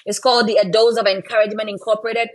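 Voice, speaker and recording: A woman's voice: fairly high pitch, level tone, rapid-fire. A woman and mother chatting on a live stream, encouraging viewers and often ending lines with "right?". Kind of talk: casual live-stream chat.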